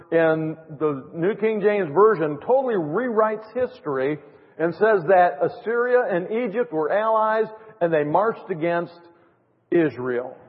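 A man preaching a sermon in an emphatic way, with sarcastic mock quotes. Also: fairly high pitch. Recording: tinny phone-like audio in a reverberant hall.

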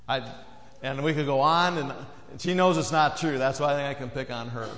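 A man preaching a sermon as pastor, talking to the congregation in a conversational way and often dropping low and quiet to stress a point. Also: fairly even intonation, fairly quick, echoey room, long reverb tail. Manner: conversational preaching, acts out quoted voices, drops low and quiet for emphasis. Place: church sanctuary.

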